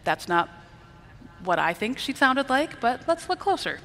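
A woman's voice: sits high, very animated, moderate pace, bright, forceful tone, in a large hall. A woman preacher giving a conversational Bible teaching, explaining and checking in with her listeners. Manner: explanatory, asks the listeners "right?".

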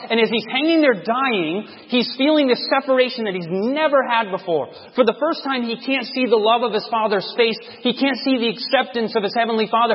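A man preaching a sermon, reading scripture dramatically and sinking to a near-hush on key words. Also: high voice, husky. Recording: dull lo-fi sound with long hall reverb.

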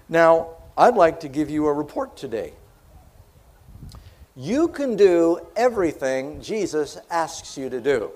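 Male preacher, pitched high with lively swings, storyteller who pulls the congregation in with questions. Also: normal speed, a little hiss or hum. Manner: dramatic storytelling retelling of scripture; conversational, asks the audience questions. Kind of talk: sermon. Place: church platform before a congregation.

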